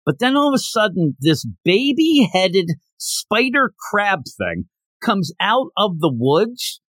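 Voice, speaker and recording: A man co-hosting a casual manga discussion podcast, retelling scenes in an animated way and acting out the characters' lines. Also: high voice, slow pace, dry recording. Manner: animated retelling with acted-out quotes. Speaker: podcast co-host.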